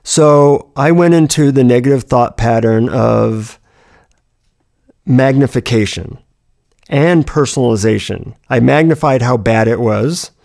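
A man's voice: mid-range voice, measured pace, creaky, a little mellow. A man giving a reflective self-help talk, telling personal stories about handling negative thoughts.

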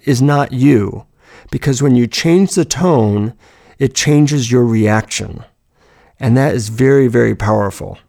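Man, gravelly voice, reflective, self-help talk, personal stories. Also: medium pitch, darkish tone.

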